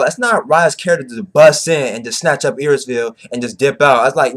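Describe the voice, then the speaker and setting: A young man giving an excited, slangy, profanity-laced casual recap of an anime episode, often repeating himself. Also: mid-range voice, brisk. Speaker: anime reaction vlogger.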